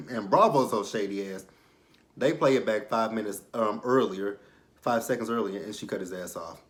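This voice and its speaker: A young man in casual chat, recapping a reality show in a candid, rambling way that often trails off into quiet asides. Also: fairly low pitch, moderate pace.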